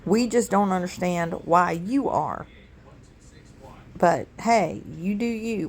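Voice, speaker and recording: A woman's voice: fairly low pitch, expressive, slow pace, gravelly, pauses often, background noise. Sarcastic reaction host, woman, chatty and fed up. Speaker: commentary YouTuber. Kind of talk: reaction commentary.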